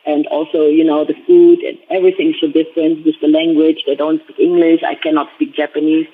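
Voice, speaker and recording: A woman's voice: deep voice, level tone, fairly quick, background noise. Woman on a tinny phone line. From Germany. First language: German. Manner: chatty, many "like" and "you know" fillers. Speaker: guest. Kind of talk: casual storytelling interview.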